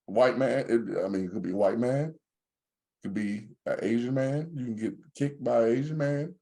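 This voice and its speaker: A man's voice: medium pitch, normal speed. A man co-hosting a podcast, in casual joking banter. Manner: joking, animated storyteller. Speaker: podcast co-host.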